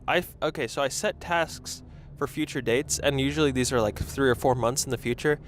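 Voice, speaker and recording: A young man talks to himself on a lapel mic while driving. His chat rambles and turns self-conscious, at a middle pitch. Faint road and traffic noise hums under him. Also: fairly quick. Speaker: podcast host. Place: in a car in traffic.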